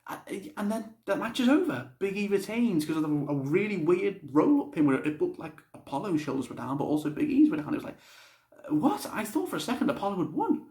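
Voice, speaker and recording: A man's voice: high voice, sing-song, fast talker, few pauses, warm tone. Chatty man in a roomy echo. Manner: chatty, blunt, swears casually. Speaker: wrestling show reviewer. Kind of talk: casual spoken review.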